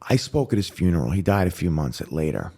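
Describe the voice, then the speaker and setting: A man guest on a podcast, telling his recovery story with animated storytelling, acting out voices and dropping to a whisper at grim moments. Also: low-pitched, fairly quick, vocal fry, husky. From New York. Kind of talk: emotional storytelling.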